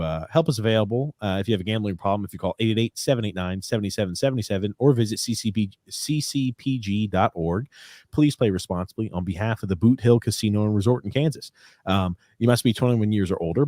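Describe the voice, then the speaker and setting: A young man hosts a casual sports podcast, and his pitch swings up and down as he jokes around. He reads ads and listener comments in a rambling way, full of fillers and restarts. The sound is close and dry, with no room echo. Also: darkish tone. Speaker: podcast co-host.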